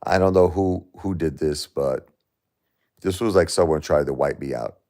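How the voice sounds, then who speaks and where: A middle-aged man hosting a livestream, grieving and talking in a raw, repetitive way that swings from anger to hushed disbelief. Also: extremely low pitch, moderate pace. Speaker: livestream host. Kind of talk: emotional live-stream monologue.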